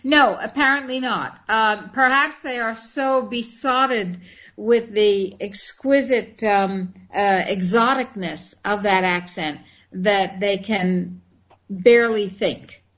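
A woman's voice: mid-range voice, slow pace, muffled recording. A woman hosting a casual online talk show, effusive and elaborate in her phrasing. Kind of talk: casual chat.

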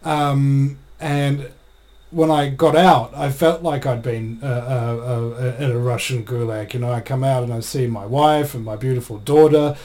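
Guest, male, from New Zealand, warm low tone, halting speech full of fillers. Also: steady tone. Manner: hesitant, many fillers. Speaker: guest activist. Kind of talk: live stream interview.

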